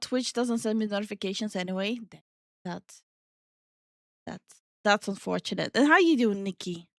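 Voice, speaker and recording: A young woman hosts a live stream in a playful, chatty way, laughing often and swearing offhandedly as she answers chat. Her voice sits a little on the high side. The recording is close and dry, with no room sound. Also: fairly bright tone, no room sound. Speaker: streamer and VTuber host. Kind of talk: casual live-stream chat, reading chat aloud.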